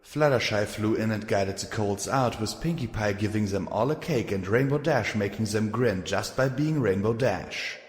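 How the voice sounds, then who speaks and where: Low-voiced man narrating an audiobook. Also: normal speed, few pauses. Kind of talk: fan fiction audiobook narration. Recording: echoey room with long reverb.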